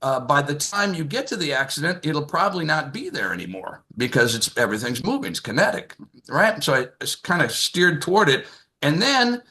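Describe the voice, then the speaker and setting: Brief: sixties male comic, bright forceful tone, rambling anecdote style, video call mic. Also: on the high side, sing-song, a little fast. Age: 60s. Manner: rambling, lots of filler and restarts. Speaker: comedian. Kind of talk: stand-up storytelling on a video call.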